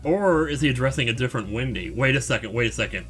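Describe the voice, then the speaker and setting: A young man chatting through a video game, puzzling things out aloud. His voice rises and falls in a lively way, and faint music plays underneath. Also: mid-range voice, fast. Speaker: let's play host. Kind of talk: casual game commentary.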